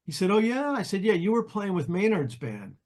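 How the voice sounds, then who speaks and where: Older male guest, slightly high voice, chatty storyteller, restarts a lot. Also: brisk. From New Jersey, US. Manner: animated anecdotes, acts out quoted voices, frequent restarts. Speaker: interview guest, jazz pianist. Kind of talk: casual storytelling.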